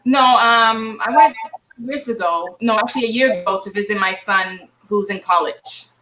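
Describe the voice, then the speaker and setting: A woman's voice: mid-range voice, moderate pace, roomy sound, far from the mic, background noise. A woman in her forties from Boston, a film producer chatting casually as a guest and laughing often. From Boston, Massachusetts. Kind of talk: casual interview chat.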